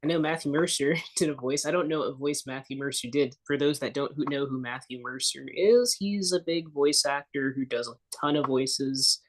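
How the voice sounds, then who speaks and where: A chatty podcast co-host talks through thoughts out loud at a medium pitch. The delivery is loose and conversational. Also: moderate pace, hardly any pauses. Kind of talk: casual podcast chat.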